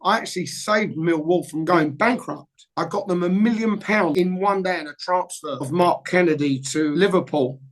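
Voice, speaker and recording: A man's voice: high voice, moderate pace, few pauses, low-quality recording. An older man, a football agent guest telling anecdotes in an interview and acting out both sides of old conversations. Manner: lively storyteller who acts out both sides of old phone calls.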